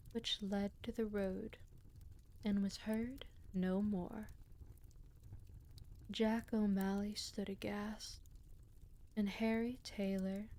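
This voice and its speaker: A woman reading folk tales aloud as a storyteller, in a slow, hushed voice that often drops to a half-whisper. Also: medium pitch.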